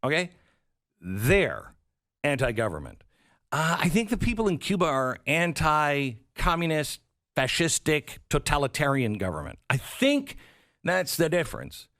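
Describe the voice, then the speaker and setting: Animated sarcastic male commentary host. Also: on the high side, unhurried, no room sound, clean studio sound. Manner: sarcastic, animated, mimics others in quotes. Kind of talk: political commentary monologue.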